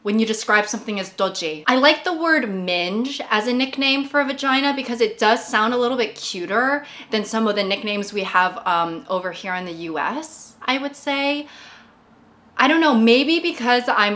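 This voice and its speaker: A woman's voice: medium pitch, normal speed, pushed and bright. A woman vlogger in casual chat, rambling and making jokey, self-deprecating remarks.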